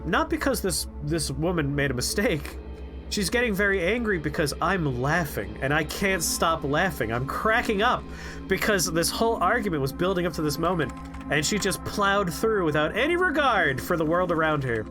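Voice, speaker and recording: A man spins a comic story during a game stream. His voice sits a little high and swings widely as he acts out the people in it. Soft music plays faintly underneath. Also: normal speed. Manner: animated, quotes people in shifting voices, laughs.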